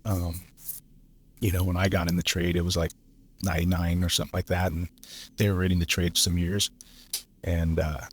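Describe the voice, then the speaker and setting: A man's voice: low voice, flat delivery, normal speed, pauses often, breathy edge. A man, a lineman guest from Los Angeles, telling stories in a laid-back way, swearing freely and laughing as he goes. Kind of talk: casual storytelling.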